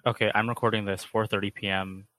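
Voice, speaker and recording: A man records a voice message, talking things through in a measured, analytical way. His voice is lowish and sounds close and dry. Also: flat delivery, sharp tone, no room sound. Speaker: caller.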